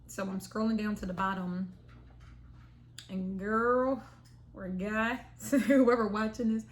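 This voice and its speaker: A young adult woman telling a personal story to camera in casual chat, animated and acting out what she and others said. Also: medium pitch, slow. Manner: animated, acts out quotes of herself and her sister. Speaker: vlogger.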